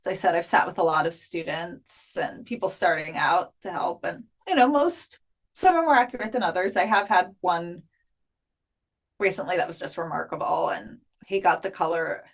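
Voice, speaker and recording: A woman's voice: on the low side, normal speed, creaky. A woman being interviewed as an afterlife researcher, telling her experiences in a chatty way with many fillers. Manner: chatty, frequent filler "like", animated retelling. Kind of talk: casual interview storytelling.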